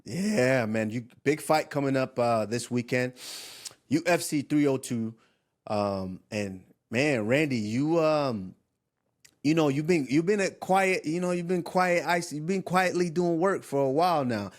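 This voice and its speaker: A man in his thirties co-hosting a casual sports talk show, animated and loose, often restarting his sentences and leaning on fillers as he interviews a guest. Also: on the high side, measured pace. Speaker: podcast co-host and interviewer. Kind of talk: casual chat.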